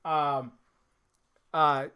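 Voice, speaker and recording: A man's voice: on the high side, flat delivery, very slow, sharp tone, clear, resonant tone. A man from Hawaii giving casual, rambling political commentary as a channel host. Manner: rambling, many restarts and fillers.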